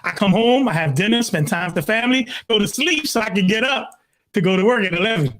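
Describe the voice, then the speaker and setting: A man in his sixties from Brooklyn, a pastor telling his life story in an interview, emphatic and animated, leaning on "literally" and acting out his own quotes. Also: sits high, fast talker. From Brooklyn, New York. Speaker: pastor, guest.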